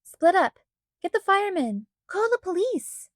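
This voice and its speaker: A woman reading aloud, voicing a bossy, impulsive ten-year-old girl who speaks boldly and loudly. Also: extremely high pitch, big pitch swings, unhurried, no room sound, studio quality, pitched above the performer's own voice, exaggerated voice. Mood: frantic. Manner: bold, scheming, loud.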